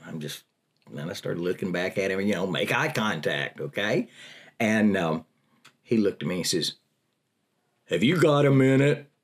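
An older man, a prison ministry volunteer, tells personal stories in an interview in a folksy, animated way. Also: low-pitched, normal speed, husky.

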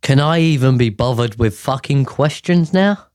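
A man's voice: mid-range voice, animated, moderate pace, a little mellow. A man, hosting a solo podcast in a sweary, rambling, exasperated way. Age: 30s. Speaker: podcast host. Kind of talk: casual solo podcast chat. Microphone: podcast mic.

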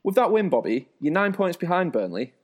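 A man hosting a mock post-match interview, dry and reproving, keeping the brawling guests in line. His voice sits a little high. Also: big pitch swings, a little fast. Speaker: sports presenter. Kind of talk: comedy sketch, mock post-match presenting.

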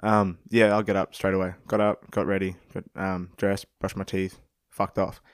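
Low-voiced guy, dry close sound. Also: flat delivery, moderate pace, dry recording. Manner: giggly, teasing, sweary. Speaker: podcast co-host. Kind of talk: casual chat.

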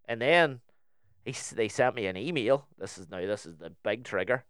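A man's voice: mid-range voice, animated, moderate pace, a bit bright, smooth, dry recording, clean studio sound. A young man with a Northern Irish accent, telling a story in casual chat on a podcast and acting out both sides of the conversation.

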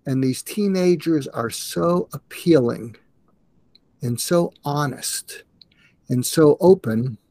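Older man, earnest, halting, restarts, mid-pitched, dry recording. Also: warm tone, dry recording. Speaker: interview guest, psychiatrist. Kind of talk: conversational interview.

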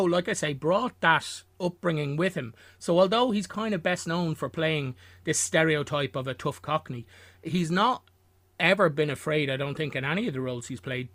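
A man hosting a relaxed film podcast, his voice bright and a touch higher than most men's. He rambles along with restarts and laughs, and the recording is dry and close. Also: no room sound. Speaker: podcast host. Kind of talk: casual film podcast chat.

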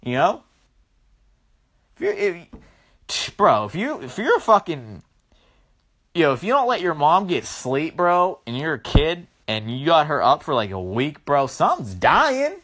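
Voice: mid-range voice, huge pitch swings, measured pace, fairly bright tone. Young vlogger rambling through a movie plot, swearing a lot, voice jumping all over. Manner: profane, rambling, slangy. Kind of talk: casual movie recap.

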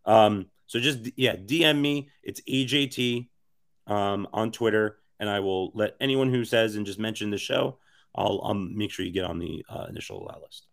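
A man with a raspy, hoarse voice talks as an interview guest, rambling with lots of fillers and restarts. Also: on the low side, normal speed. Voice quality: raspy, worn voice. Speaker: interview guest, NFT project co-founder. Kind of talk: casual podcast interview.

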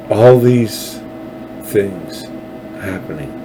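A man's voice: lowish voice, background noise. A man hosting his own podcast, ranting bluntly and heatedly about politics and swearing freely. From Texas. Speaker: podcast host. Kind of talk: angry political rant.

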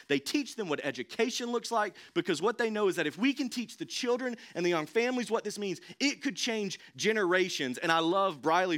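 A man's voice: high-pitched, fairly bright tone. A young adult man preaching a sermon as pastor, emphatic, repeating key phrases and putting questions to the congregation.

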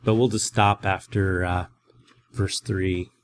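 A man teaching a Greek lesson as a professor, explaining in a conversational, animated way. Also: low-pitched, takes it slowly, slight background noise.

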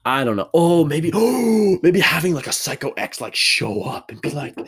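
A man's voice: fairly high pitch, big pitch swings, normal speed, a bit bright, slightly rough. Rambling, joking man in his bedroom. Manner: rambling, profane, self-mocking jokes. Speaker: vlogger. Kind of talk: casual rambling monologue.

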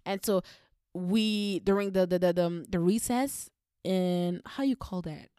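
A woman's voice: lowish voice, measured pace, dark tone, clean tone, dry recording, studio quality. A woman vlogger telling a personal story in a blunt, heated manner, swearing constantly. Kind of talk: storytelling monologue.

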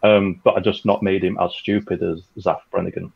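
A man with a low, gravelly voice chats loosely and rambles, full of fillers. His recording sounds a little dull and lo-fi. He is describing his own audio drama production. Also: flat delivery, fairly quick. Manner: rambling, chatty, filler-heavy. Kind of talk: casual chat.

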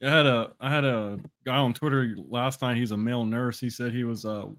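A man co-hosting a livestream, telling a crude story in a relaxed way. His voice sits at a mid pitch, and he laughs along as he talks. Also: fairly quick. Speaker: co-host guest. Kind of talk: casual anecdote.

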